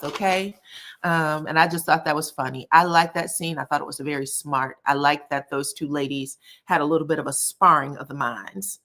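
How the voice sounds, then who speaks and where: A married woman recapping reality TV episodes on a live stream, chatting casually, calling viewers honey and baby, and acting out quotes from the scenes. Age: adult, married. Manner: acts out quotes from the scenes with lively pitch jumps.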